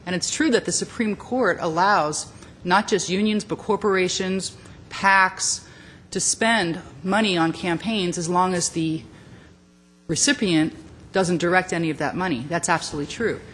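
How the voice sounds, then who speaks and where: Female council member, lower voice, calm explanatory reply from the dais mic, faint room noise behind. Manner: measured, explanatory. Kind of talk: response at a council meeting. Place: city council chamber.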